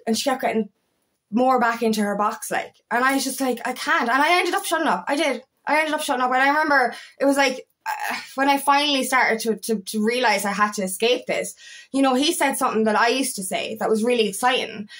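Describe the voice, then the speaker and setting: A woman's voice: fairly high pitch, quick pace, fairly bright tone. A woman coaching others in an impassioned vlog monologue, emphatic and full of swearing, repeating herself to drive her points home. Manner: emphatic and heavily profane, with insistent repetition. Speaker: feminine empowerment coach.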